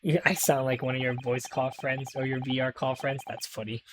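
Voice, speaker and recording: A woman's voice: very deep voice, steady tone, fairly quick, background noise. A woman streamer making crude, joking asides while playing a game. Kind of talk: casual game stream commentary.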